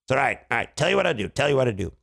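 A storyteller voicing a cheeky magical bird who jokes and deliberately mishears. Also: male voice, medium pitch, big pitch swings, vocal fry, a bit bright, heavily acted. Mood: bargaining. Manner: wisecracking, playful mishearings. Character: cheeky magical male bird, joking trickster.

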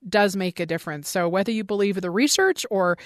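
A woman hosting a show, effusive and enthusiastic, who repeats words when she gets excited. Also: mid-range voice, fairly quick, no room sound, clean studio sound. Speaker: podcast host.

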